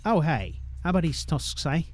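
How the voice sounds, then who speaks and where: A man's voice: on the high side, very animated, normal speed, darkish tone, faint music behind. A young man giving casual gameplay commentary, swearing freely and tagging his sentences with "eh?". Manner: profane, ends sentences with "eh?". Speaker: gamer.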